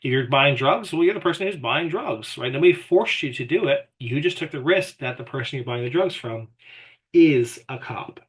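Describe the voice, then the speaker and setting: A man's voice: medium pitch, lively intonation, moderate pace. A male law lecturer talking in a loose, conversational way, often checking in with "right?" and acting out the voices in his examples. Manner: conversational, frequent "right?" and "you know", acts out quoted exchanges. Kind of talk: casual recorded lecture.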